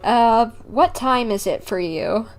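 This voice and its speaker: A woman's voice: on the high side, animated, slow pace. A woman streamer giving casual, chatty live commentary over a game, with lots of fillers and laughter.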